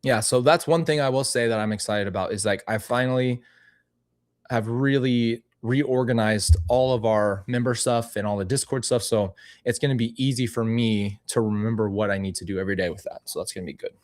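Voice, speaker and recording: Male channel host, casual livestream chat, rambling and animated. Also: medium pitch, a little fast.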